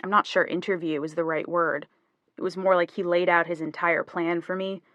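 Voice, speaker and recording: A woman's voice: on the low side, little pitch movement, moderate pace, fairly bright tone, no room sound, natural voice. A woman reading the lines of a playful young husband in an audiobook, joking and teasing. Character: easygoing playful young husband, rock musician.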